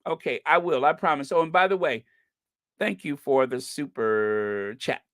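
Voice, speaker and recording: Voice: medium pitch, normal speed, a bit bright, dry recording, clean studio sound. A host from the United States chatting casually on a livestream, giggling at their own jokes and thanking viewers.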